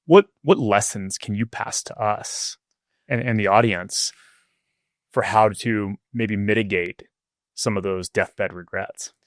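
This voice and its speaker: A man's voice: on the low side, slow pace, dry recording, clean studio sound. A male podcast host asking careful, probing interview questions.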